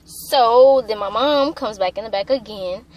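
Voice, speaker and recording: High-voiced young woman telling a story. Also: a little slow. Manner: animated, profane, acts out quotes. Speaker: vlogger. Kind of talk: casual personal storytelling.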